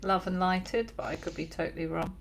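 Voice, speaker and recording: A woman's voice: on the low side, fairly quick, gravelly, slight background noise, poor audio. A woman co-hosting a casual live-stream chat, relaying viewer questions in a chatty manner and laughing often. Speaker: co-host, moderator.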